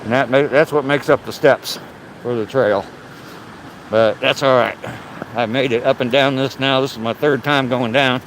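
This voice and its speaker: A man's voice: mid-range voice, fairly even intonation, moderate pace, a little hiss or hum, low-quality recording. An older man hosting a casual livestream, chatting loosely and swearing now and then as he walks down a rocky trail by a waterfall. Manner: walking down a rocky trail while talking. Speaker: livestreaming vlogger. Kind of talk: casual live-stream chat. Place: outdoor forest trail by a waterfall.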